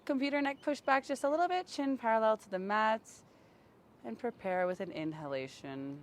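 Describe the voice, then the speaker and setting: A woman with a slightly high voice leads a yoga and breathwork class in slow, gentle, soothing cues. She is recorded outdoors in the sun on a camera mic. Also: animated. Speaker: yoga teacher. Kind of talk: guided yoga and breathwork instruction.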